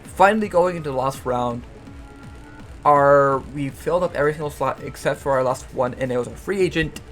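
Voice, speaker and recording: A man's voice: mid-range voice, a little fast, fairly bright tone, faint music behind. A young man casually talking through his team picks, rambling and stumbling over repeated words with self-mocking jokes. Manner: self-mocking, jokey asides. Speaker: YouTuber and league coach. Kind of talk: casual draft analysis commentary.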